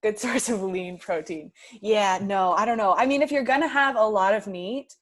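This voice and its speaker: A woman teaching an online high school class, chatty and upbeat, reading replies from the chat aloud over a video-call mic. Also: normal speed.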